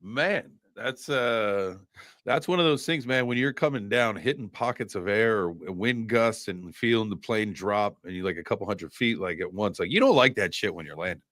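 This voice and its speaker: A man's voice: on the low side, normal speed, fairly bright tone, no room sound, clean studio sound. Congested man hosting a livestream. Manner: loose, slangy and profane, with many fillers. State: congested from a broken nose. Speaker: livestream host. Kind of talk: casual livestream chat.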